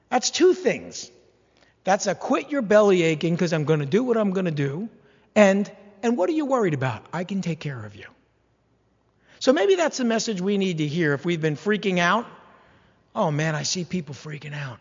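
A man preaching a sermon, animated and humorous, slipping into mock-whining voices as he acts out complaints. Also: high-pitched, normal speed, husky, big-room sound, dull audio. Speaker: pastor.

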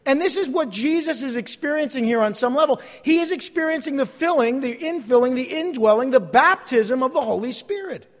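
A pastor preaches with a notably high male voice, hammering key phrases and dropping to near-hushed asides between louder declarations. His words ring out in a church sanctuary with a long trailing reverb. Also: animated, brisk, few pauses. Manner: emphatic preaching, repeating phrases, swinging from loud to hushed. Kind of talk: sermon.

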